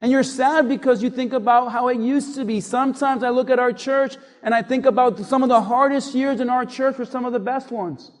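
A man's voice: very high voice, fairly even intonation, a little fast, hardly any pauses, big-room sound. A male pastor giving a conversational sermon, acting out little quoted remarks as he goes. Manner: conversational preaching with quoted asides. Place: church.

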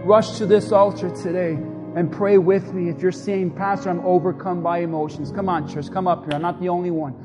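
Man, pastor, impassioned altar call, very high voice, long church reverb, faint music under. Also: steady tone, a little fast. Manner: impassioned, repetitive preaching cadence. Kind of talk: altar-call sermon and led prayer. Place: church sanctuary.

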